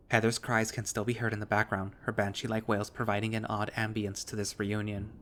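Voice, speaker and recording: A man narrates a visual novel in the first person. He tells it in a steady storytelling manner, and his voice sits on the low side. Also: brisk.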